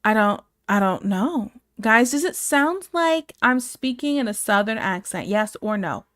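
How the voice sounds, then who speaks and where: Chatty higher-voiced woman from Ohio. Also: expressive, unhurried, fairly bright tone, no room sound, clean studio sound. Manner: chatty, rambling, easily sidetracked, answers chat aloud. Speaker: streamer. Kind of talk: casual chat with live chat while drawing.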